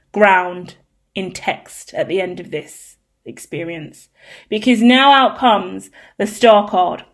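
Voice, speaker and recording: A woman giving a casual tarot reading, talking emphatically with frequent swearing and ranting asides. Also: mid-range voice. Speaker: tarot reader.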